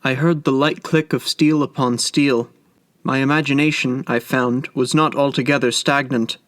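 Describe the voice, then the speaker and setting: A man narrating a classic story as an audiobook in a measured, reflective way. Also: medium pitch, steady tone, a bit bright, no room sound.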